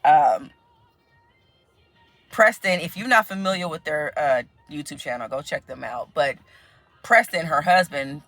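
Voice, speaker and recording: Speaking in a deep voice, a little slowly and with frequent pauses, this American vlogger chats to camera, laughing often and acting out others' words in lively voices. The recording is dry, with soft music in the background.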